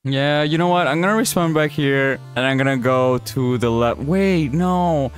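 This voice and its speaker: With faint music in the background, this man talks at a normal speed and medium pitch while commentating his own play live for his gaming channel. Frustration comes often, along with cursing, self-directed laughter and the occasional plea to the game.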